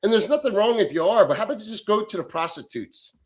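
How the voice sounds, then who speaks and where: A man's voice: sits high, lively intonation, quick pace. A middle-aged man hosting a casual livestream, reading chat and answering in a blunt, profane, off-the-cuff way.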